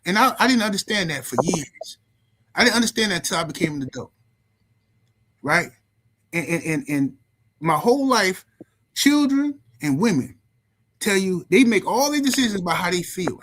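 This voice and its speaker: A man hosting a podcast, telling stories in an animated way and swearing freely. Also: high voice, moderate pace, long pauses, poor audio. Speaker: podcast host. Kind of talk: podcast commentary.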